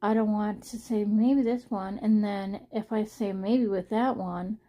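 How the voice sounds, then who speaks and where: A woman's voice: medium pitch, steady tone, unhurried, dark tone. A young woman talking casually to her viewers in a personal vlog, rambling and earnest, often repeating herself. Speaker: vlogger.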